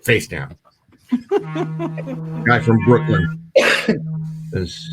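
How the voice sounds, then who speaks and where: A man's voice: fairly low pitch, lively intonation, takes it slowly, pauses often, a little hiss or hum. A middle-aged man, a comedian telling a joke and chatting casually with many fillers. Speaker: comedian guest. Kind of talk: casual storytelling chat.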